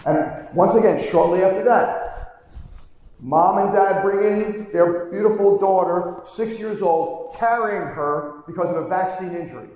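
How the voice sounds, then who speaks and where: A man's voice: high voice, measured pace, a little mellow. A middle-aged man, a pediatric chiropractor, tells earnest stories to a live conference crowd and keeps asking them "right?". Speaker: pediatric chiropractor giving a keynote. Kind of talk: live conference talk, storytelling. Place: large conference hall, live on stage. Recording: very echoey hall, distant mic.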